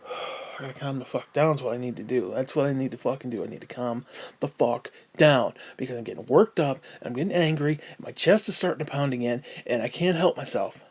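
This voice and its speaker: Speaking a little fast in a medium-pitched, slightly rough voice, a man who makes gaming vlogs launches into a profane, rambling rant to camera, getting easily worked up along the way.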